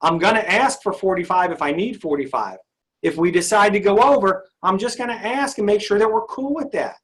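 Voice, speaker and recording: A man's voice: sits high, a little fast. A male sales trainer leading an interactive session, upbeat and often asking his audience questions.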